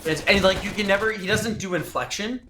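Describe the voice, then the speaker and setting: A man hosting a casual watch-party stream. He talks in an animated, joking way and swears freely. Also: sits high, a little fast, slight background noise. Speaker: stream host.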